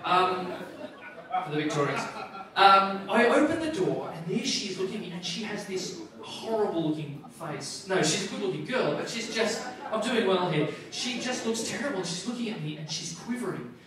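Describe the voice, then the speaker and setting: A man with a high, lively voice works a gala dinner crowd as stand-up comic and MC. He tells his story with animated, self-deprecating asides. The sound is distant and very echoey, with an audience laughing clearly behind him. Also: moderate pace. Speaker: comedian and MC. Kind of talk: stand-up comedy routine. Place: large function room at a gala dinner.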